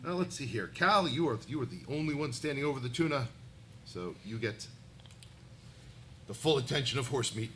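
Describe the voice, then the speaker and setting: A man's voice: medium pitch, expressive, fairly quick, long pauses, bright, forceful tone. A man running a live tabletop game as game master, narrating with lots of laughter. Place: live stage before an audience. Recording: noisy live recording.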